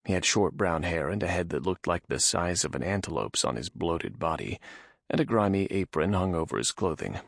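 A man narrates a fantasy audiobook in a very low, gravelly voice with a husky grain. His delivery rises and falls with the story. The sound is close and dry. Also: animated, normal speed, dry recording.

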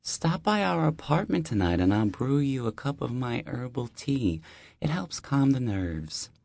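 A man voicing a warm, motherly older woman who runs a deli, a longtime hippie, in an audiobook. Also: medium pitch, very animated, measured pace, vocal fry, dry recording, pitched above the performer's own voice, full character voice. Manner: motherly, kindly fussing. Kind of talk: audiobook character voice.

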